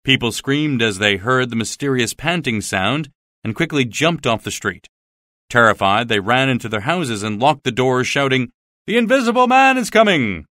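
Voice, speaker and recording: Lively, bright-voiced male storyteller. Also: mid-range voice, no echo, clean studio sound. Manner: lively, expressive reading. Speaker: audiobook narrator. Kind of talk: graded reader narration.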